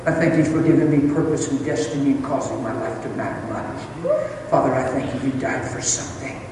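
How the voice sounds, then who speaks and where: A sincere young woman prays soft and earnest thanks, as a male preacher speaks for her. The voice is distant and echoes around a big hall with room noise. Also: mid-range voice, a little fast, natural voice.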